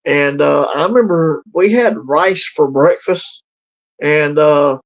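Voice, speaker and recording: A man's voice: fairly high pitch, takes it slowly. A middle-aged man from Louisiana with a Southern accent, chatting casually on a livestream with many fillers and a drawl. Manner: rambling, drawling, heavy on fillers. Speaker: livestream co-host. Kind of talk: casual chat. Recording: lo-fi livestream audio.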